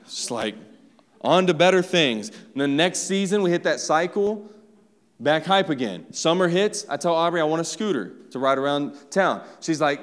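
A man's voice: a little high, expressive, normal speed. A man preaching a sermon in a conversational style, speaking directly to his congregation. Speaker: pastor. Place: church sanctuary. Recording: long reverb of a church hall.

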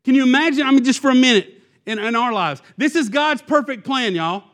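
A man preaching a sermon, animated and acting out the Israelites' complaints in quoted voices. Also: very high-pitched, a little fast. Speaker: pastor.

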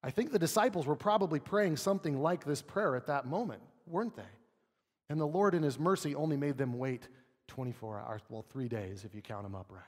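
Guy preaching in church, earnest, asks the room questions, goes quiet reading verses, big reverby hall. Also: a little fast. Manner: earnest, rhetorical questions, drops to quiet low reading of scripture. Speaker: pastor. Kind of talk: sermon.

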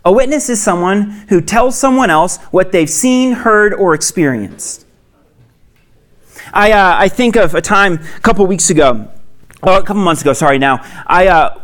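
A man preaching a sermon as a pastor, conversational and earnest, with quick asides and restarts. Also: high voice.

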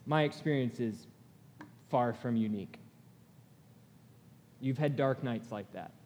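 A man preaching a sermon as pastor, earnest and deliberate, lifting his voice when he reads lament passages. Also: medium pitch, darkish tone, a little hiss or hum. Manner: slow, earnest, pausing delivery, rising for quoted laments. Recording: long reverb of a large hall.

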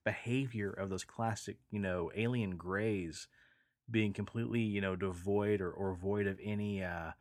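Low-voiced man, excited podcast banter. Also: normal speed, dry recording, studio quality. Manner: enthusiastic, swears casually, lots of fillers. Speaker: podcast host. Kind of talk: casual chat.

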